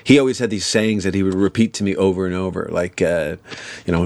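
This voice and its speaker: A man's voice: low voice, fairly quick, no room sound. A man from New York, an actor and comedian, telling family stories in an interview and slipping into character voices. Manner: animated, breaks into character voices. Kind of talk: interview storytelling.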